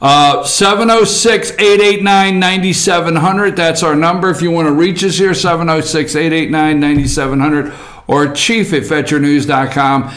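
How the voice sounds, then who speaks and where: A man's voice: a little high, steady tone, normal speed, fairly bright tone. A man hosting a talk show, giving opinionated political commentary in a sarcastic, rambling way with many fillers.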